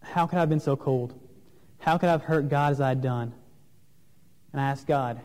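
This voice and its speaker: A man preaching an earnest sermon, asking questions of his listeners, with some pauses and fillers. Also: mid-range voice, darkish tone. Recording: long reverb of a large room.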